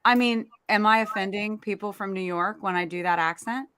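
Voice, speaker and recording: A woman with a Midwestern accent co-hosting a casual panel chat, bubbly and quick to agree. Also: medium pitch, a bit bright, clear, resonant tone. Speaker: co-host.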